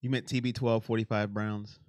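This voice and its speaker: A man hosting a sports livestream, chatting excitedly and directly with his viewers. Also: on the low side, a little fast, no echo, studio quality. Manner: excitable, talks straight to chat. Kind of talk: casual live-stream chat with viewers.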